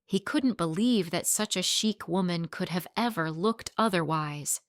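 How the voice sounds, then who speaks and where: A woman narrating a story in an even, scripted storytelling manner. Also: fairly low pitch, unhurried, no echo, clean studio sound.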